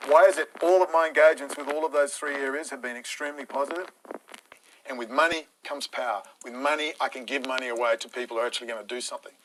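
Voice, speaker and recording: A man's voice: medium pitch, fairly even intonation, very fast, hardly any pauses, slight background noise, low-quality recording. A man, ranting bluntly and combatively on a live stream, swearing freely.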